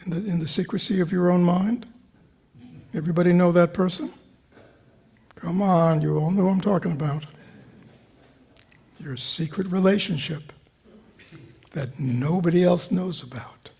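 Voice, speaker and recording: In a meditation hall before a live retreat group, a man gives a dharma talk, his high-pitched, gravelly, husky voice moving at a moderate pace with long pauses. He teaches meditation by questioning his listeners, engaging them with repeated "right?" and "you know," and he often sinks into soft whispers.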